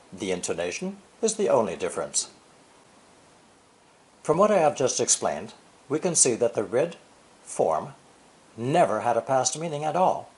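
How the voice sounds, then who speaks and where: An older man giving a scripted English lesson, explaining deliberately and stressing key words. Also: medium pitch, a little mellow. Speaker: English teacher.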